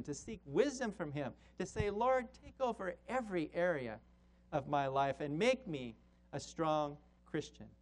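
A man preaching a sermon as pastor, emphatic, slowing on key words and dropping low and quiet to drive points home.

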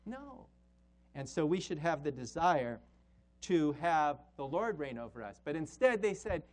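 A man preaching a sermon as pastor, emphatic, slowing on key words and dropping low and quiet to drive points home. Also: big pitch swings.

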